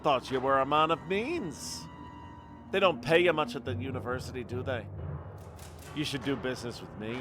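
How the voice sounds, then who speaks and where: A man voicing a menacing male mob boss in a put-on Irish accent, talking in a slow, cold, threatening drawl over game music. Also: medium pitch, natural voice. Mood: scornful. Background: background game music.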